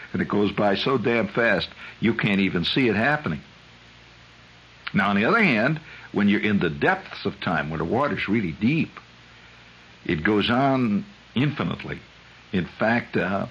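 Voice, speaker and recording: A man hosting a radio show, spinning a rambling, chuckling monologue that climbs high when he gets worked up. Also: a little hiss or hum, low-quality recording. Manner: digressive storyteller, chuckles often, voice climbs high when excited. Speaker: radio host.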